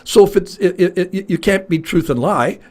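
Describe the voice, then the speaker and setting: A retired man co-hosting a casual talk show, rambling and animated as he tells stories. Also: high voice, moderate pace. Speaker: podcast co-host. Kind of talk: casual chat.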